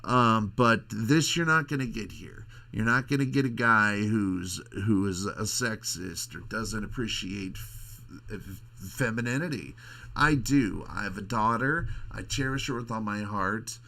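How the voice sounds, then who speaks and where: A middle-aged man hosting a podcast, rambling in a crude, halting casual monologue. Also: fairly low pitch, vocal fry, bright, forceful tone. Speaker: podcast host.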